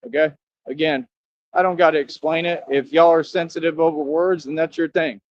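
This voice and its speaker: A man's voice: a little high, fairly even intonation, fairly quick, slight background noise. Boastful man ranting on a lo-fi stream. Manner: boastful, defiant, repeats himself; talks straight to his viewers, scolding them. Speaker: livestreamer. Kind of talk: rambling livestream monologue. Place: outdoors near a highway.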